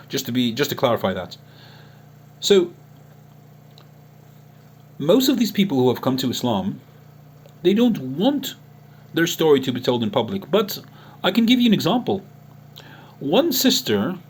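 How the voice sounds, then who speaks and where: An online Islamic preacher and chat-room admin addresses a critic in an unscripted online monologue. Earnest and emotional, he often restarts his sentences. His voice is medium-pitched with a darkish tone and a breathy edge.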